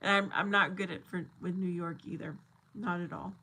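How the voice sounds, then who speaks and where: A woman's voice: lowish voice, fairly even intonation, normal speed, sharp tone. A woman in her forties hosting a casual live chat, reading viewer comments, laughing often and thinking aloud as she talks. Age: 40s.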